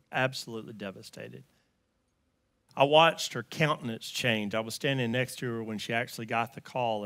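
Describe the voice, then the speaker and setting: A man with a Southern US accent preaching a sermon, telling a story and swinging from loud emphatic lines to quiet hushed ones. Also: medium pitch, dry recording. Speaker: pastor.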